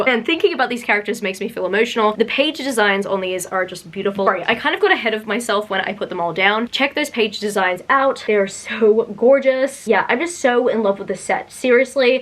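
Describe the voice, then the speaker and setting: A woman showing off her book haul in a casual vlog, gushing and excitable, her voice jumping up high whenever she gets thrilled. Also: brisk, hardly any pauses. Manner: gushing, excitable, pitch leaps up when thrilled. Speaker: book vlogger.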